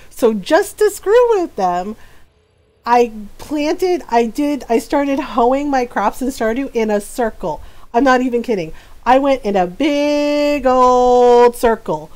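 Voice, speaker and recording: Woman, middle-aged, high-pitched, laughing, petty, casual game-stream chat. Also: slow pace. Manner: laughing, petty, animated storytelling. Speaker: livestreamer.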